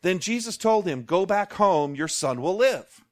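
A man preaching a sermon as pastor, animated, with jokey asides and call-outs to the congregation. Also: high-pitched, measured pace.

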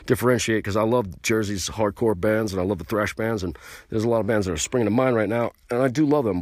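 A man hosting a podcast, delivering a brash, boastful and profane rant that gets louder and higher when he is worked up. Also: dry recording, studio quality. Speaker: podcast host. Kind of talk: ranting podcast monologue.

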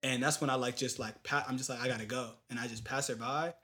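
A young man in casual chat, telling a long story in animated, slangy talk with lots of fillers. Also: medium pitch, fast talker.

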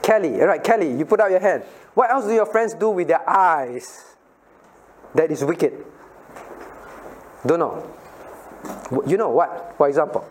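A man's voice: a little high, lively intonation, measured pace, pauses often, slight background noise. A middle-aged man, a pastor giving a playful Bible lesson to children and asking them questions. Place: church room with children.

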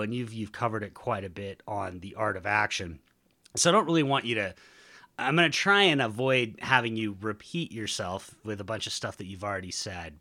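A man's voice: fairly low pitch, bright, forceful tone. A man hosting a podcast, asking long, enthusiastic, rambling questions. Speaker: podcast host, interviewer. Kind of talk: casual interview.

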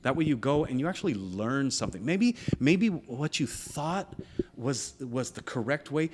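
A man's voice: mid-range voice, expressive, moderate pace, a little mellow, a little hiss or hum. A man co-hosting a casual podcast chat, ranting heatedly and swearing freely as he argues his opinions. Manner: parent of a school-age child. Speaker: podcast co-host.

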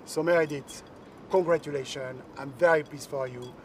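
A man with a French accent gives a warm, joking toast from an outdoor terrace. His voice sits high. The mic is set back, with a faint hum of the city behind him. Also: normal speed, far from the mic. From France. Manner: light joking, then formal. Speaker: company chief giving a toast. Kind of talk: video toast.

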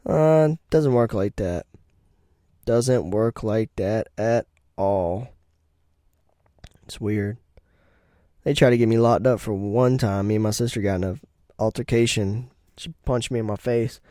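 A man's voice: fairly low pitch, normal speed, dark tone, no echo, clean studio sound. Blunt, profane young man telling stories. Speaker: podcast host. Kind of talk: casual storytelling monologue.

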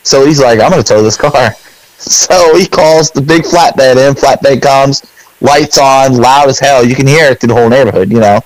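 Animated middle-aged man, very dry sound. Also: medium pitch, moderate pace, no room sound, low-quality recording. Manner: animated storyteller, acts out his own lines; rambling with many fillers. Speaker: podcast co-host. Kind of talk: casual storytelling chat.

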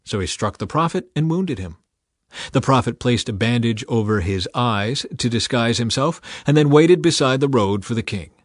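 A man reading scripture aloud in a measured, scripted way, lifting his voice a little for quoted speech. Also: animated, dry recording, studio quality. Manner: measured, quotes read a little higher and louder. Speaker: Bible reader.

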